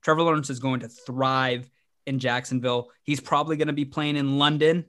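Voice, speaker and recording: A man's voice: mid-range voice, steady tone, fairly quick, fairly bright tone. A man hosts a casual sports podcast with plenty of energy. He jokes around and rambles, often stopping to restart his sentences. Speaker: podcast host.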